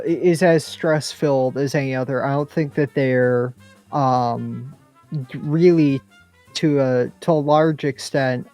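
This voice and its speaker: Man lecturing slowly on a podcast. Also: medium pitch, a little mellow. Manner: deliberate, lecturing, with many pauses. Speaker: podcast co-host. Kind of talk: casual podcast talk.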